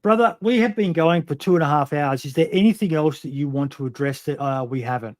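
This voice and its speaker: A man's voice: a little high, a little fast, dry recording, clean studio sound. A man hosting a podcast interview, talking bluntly with plenty of swearing and many "um"s. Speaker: podcast host. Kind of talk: casual interview chat.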